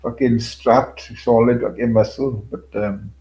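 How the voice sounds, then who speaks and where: A man chatting casually as a livestream host, rambling and swearing freely, often halting on fillers. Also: mid-range voice, steady tone, dark tone, echoey room, rough recording. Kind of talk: casual stream chat.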